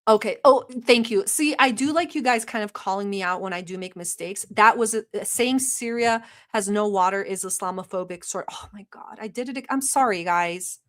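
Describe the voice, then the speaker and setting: Hosting a livestream, a young woman rambles in a sarcastic, mock-earnest style full of fillers, in a satirical chat. She speaks at normal speed with few pauses, in a mid-range voice that's a bit bright.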